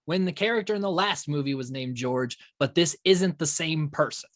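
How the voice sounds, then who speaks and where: A man's voice: on the high side, animated, normal speed, no room sound, clean studio sound. A man co-hosting a podcast, chatting casually about a horror film, laughing often and restarting his sentences. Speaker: podcast co-host. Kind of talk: casual movie review chat.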